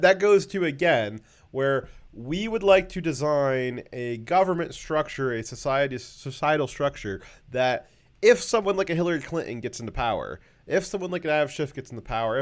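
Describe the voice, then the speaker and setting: A man hosting a casual political talk show, rambling with many fillers and a sarcastic edge. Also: on the high side. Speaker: show host.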